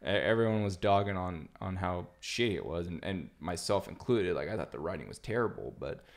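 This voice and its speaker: A man hosting a podcast in a relaxed, rambling casual chat, full of fillers. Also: low voice, brisk, vocal fry. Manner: laid-back, rambling with many fillers. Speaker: podcast host.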